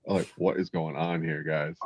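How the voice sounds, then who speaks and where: A man's voice: a bass voice, flat delivery, normal speed, dry recording. A man, a Marine veteran, joking crudely in casual chat. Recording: dry, dull lo-fi sound.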